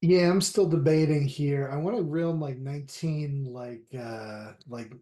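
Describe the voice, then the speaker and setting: Rambling male player, mellow voice. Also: on the high side, a little slow. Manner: rambling, hesitant, many fillers. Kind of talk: casual chat at a tabletop game.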